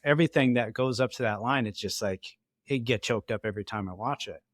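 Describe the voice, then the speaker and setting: A male podcast host talks in a reflective, soft-spoken way, sometimes a little choked up. His pitch is in the middle range. The recording is close and dry. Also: fast talker, no echo. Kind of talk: casual interview chat.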